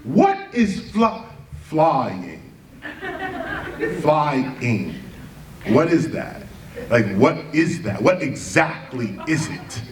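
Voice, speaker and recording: A man's voice: fairly high pitch, big pitch swings, very slow, pauses often, recorded from a distance. A man giving a keynote lecture in a large hall, firing rhetorical questions and spelling words out letter by letter. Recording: echoey hall recorded from afar, faint noise.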